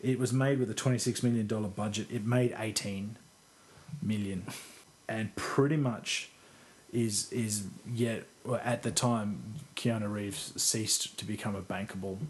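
A man's voice: fairly low pitch, fairly even intonation, unhurried. A man co-hosting a podcast, chatting casually about a film he likes, rambling and self-deprecating, with casual swearing. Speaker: podcast co-host. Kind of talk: casual film review chat.

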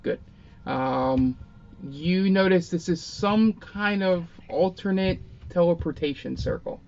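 A man's voice: sits high, slow pace, gravelly, darkish tone, highs cut off, a little hiss or hum. A man narrating as game master at a tabletop game, loose and rambling with many fillers.

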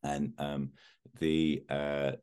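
Very deep-voiced man pitching a story. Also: little pitch movement, extremely slow, a little mellow, smooth. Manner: chatty, laughs while telling. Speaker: podcast host pitching a film. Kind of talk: casual storytelling.

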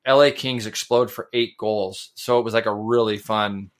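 A man co-hosting a podcast, telling stories in a rambling, excitable way and tripping over his words. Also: on the low side, normal speed. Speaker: podcast co-host. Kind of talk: casual chat.

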